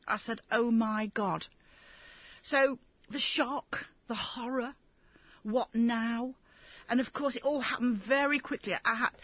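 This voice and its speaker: Middle-aged English woman, interview guest, husky voice, emphatic storyteller, dry lo-fi sound. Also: fairly high pitch, dry recording. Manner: emphatic, acts out others' lines when quoting. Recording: dull lo-fi recording.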